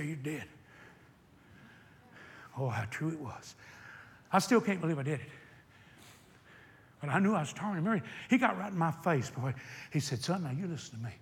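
An older man preaching a sermon, telling a personal story and swinging from hushed retelling to shouted exhortation. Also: a little high, long reverb tail.

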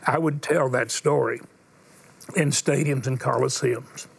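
A man's voice: mid-range voice, fairly even intonation, unhurried, gravelly, breathy edge. An older man, a preacher hosting a Christian talk show. He tells stories in an earnest preaching manner. At emotional points his voice sinks almost to a whisper. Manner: earnest preacher, drops to a hushed voice for emotional moments. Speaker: TV host and preacher.

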